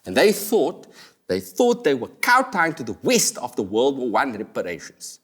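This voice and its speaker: A South African man delivers a comic monologue with a lively, bouncing pitch that rises and falls wildly. He hosts in a jokey, animated way and slips in and out of characters. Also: normal speed. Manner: animated, jokey, swings between voices. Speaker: comedian host.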